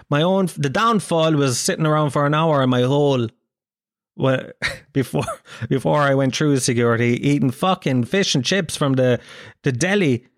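A man in his thirties with an Irish accent, a comedian telling a story in casual chat, animated and swearing freely. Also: on the high side, no echo, studio quality. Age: 30s. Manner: animated, swearing, acts out quoted voices.

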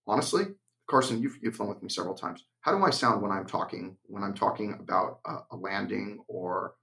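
Man, low voice, gravelly, blunt, emphatic, casual podcast chat. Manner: blunt, emphatic, slips into a deliberate monotone when acting out cockpit instructions. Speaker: podcast co-host, flight instructor.

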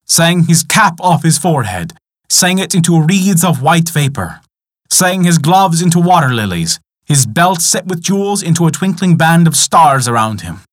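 A man narrating a folk tale in an expressive, dramatic storytelling style. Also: on the high side, moderate pace, no echo, clean studio sound.

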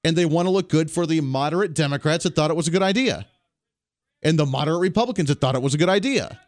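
A man's voice: on the high side, fast talker, no room sound. A man hosting a talk radio show, giving blunt, opinionated, emphatic political commentary from a studio.

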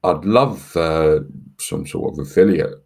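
A man's voice: rumbling low, unhurried, gravelly, a little mellow, husky. A man co-hosting a podcast in casual chat, laid-back and easily amused. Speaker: podcast co-host.

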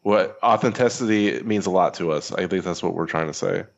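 A man with a very deep voice joining podcast banter with dry, wry asides. He keeps it relaxed and conversational. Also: a little fast, creaky, lo-fi sound. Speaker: podcast co-host.

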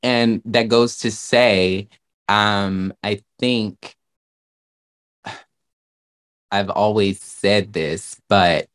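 A man from Virginia co-hosting a casual chat, talking in a sassy, campy way with drawn-out delivery. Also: on the low side, fairly even intonation, a bit bright. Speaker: podcast co-host.

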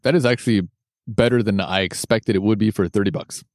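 A man's voice: on the low side, steady tone, brisk, a little mellow, dry recording, studio quality. A man co-hosting a whiskey tasting in casual chat, laughing often and repeating words as he thinks aloud.

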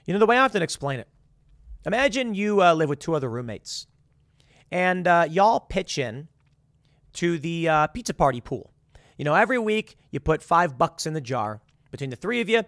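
Animated, sarcastic male commentator. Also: on the high side, moderate pace, no room sound, studio quality. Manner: animated, acts out quoted voices with sarcasm and restarts. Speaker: political commentator. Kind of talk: opinionated monologue.

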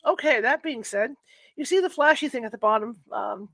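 An animated podcast host with a very high, sharp voice and vocal fry talks fairly quickly in a dry recording from a home computer setup. On his live paranormal talk show he rambles, fills the air with fillers and restarts, and chuckles self-deprecatingly.

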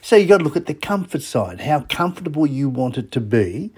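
Man hosting radio talk, husky tone, bouncy pitch, chatty and full of questions. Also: big pitch swings, brisk, a little mellow. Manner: chatty, fires rhetorical questions at listeners. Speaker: radio show host.

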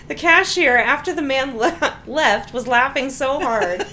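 A woman's voice: sits high, very animated, a little slow, few pauses, pushed and bright. A woman hosting a casual show, reading funny stories aloud and laughing often between them.

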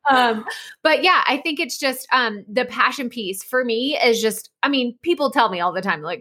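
A woman podcast host speaks in a chatty, enthusiastic way. Her voice sits a little high and sounds very bright. She is talking casually over a video call. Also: normal speed. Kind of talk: casual interview chat.

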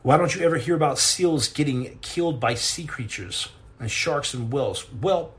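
A man's voice: on the high side, normal speed, fairly bright tone. A middle-aged man hosting a casual live chat and answering questions, telling rambling, jokey stories with many restarts and repeated words.

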